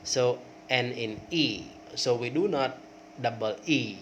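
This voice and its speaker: Slow-paced man teaching English grammar. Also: medium pitch, dull audio, a little hiss or hum. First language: Khmer. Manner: repeats word forms in drills, rising on examples, many okays. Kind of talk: grammar lesson.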